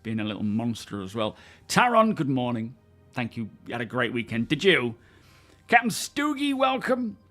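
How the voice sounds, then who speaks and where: A talkative man from England hosts a relaxed live stream in a mid-pitched voice. He chats freely, greets viewers by name and laughs easily between points. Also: normal speed, soft background music. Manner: chatty, answers chat viewers by name, laughs often. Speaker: livestream host. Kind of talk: casual live-stream chat.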